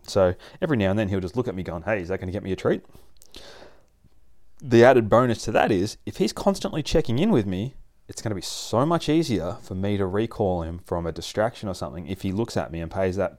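A man's voice: sits low, animated, fast talker. A man hosting a casual advice podcast on dog training, talking things through step by step with a few restarts. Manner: chatty, explains step by step with restarts.

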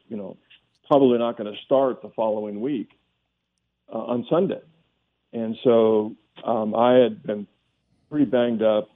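Older man telling a story over a phone line. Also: medium pitch. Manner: reflective, halting, many restarts and fillers. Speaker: former pro football player, guest.

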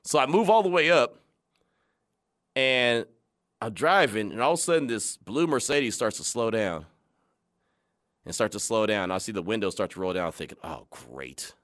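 Male radio host, conversational storyteller, lively pitch, quotes people in their voices. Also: moderate pace, long pauses. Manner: animated, laughing, retells scenes in quoted voices. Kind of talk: casual radio talk and storytelling.

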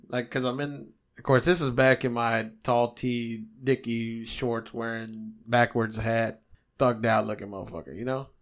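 A man tells a story in loose, profane podcast chat. His voice sits at an ordinary middle pitch, and he gets animated as he rants and jokes. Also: a little slow. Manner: animated storytelling, swears a lot.

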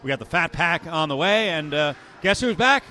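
Radio host dude, bright and a bit high, jokey banter about sports. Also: male voice, expressive, slight background noise. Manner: chatty, joking, quick asides. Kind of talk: casual sports talk.

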